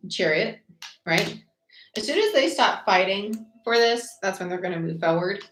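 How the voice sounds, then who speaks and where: A woman giving a live tarot reading in a chatty, quick way, listing the cards aloud as she goes. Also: medium pitch, lively intonation, fairly bright tone. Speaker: tarot reader. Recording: echoey room with faint noise.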